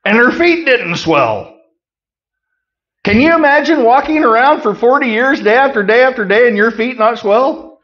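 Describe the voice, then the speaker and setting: A middle-aged man preaching a conversational sermon, folksy with joking asides, swinging from loud emphasis to quiet remarks. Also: extremely high pitch, expressive, normal speed, dull audio. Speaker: pastor.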